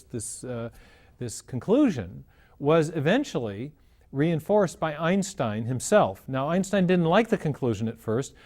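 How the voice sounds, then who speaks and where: A man explains cosmology in a measured, lecture-like way, often restarting phrases as he works an idea through. His pitch is fairly high and a little mellow.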